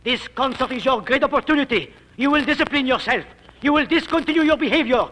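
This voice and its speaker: Radio comedy: a pompous singing master, very high and bright voice. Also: male voice, fast talker, a little hiss or hum. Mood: grandly commanding. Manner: pompous, grand and commanding. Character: pompous foreign singing teacher Francois, man. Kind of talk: 1940s radio acting.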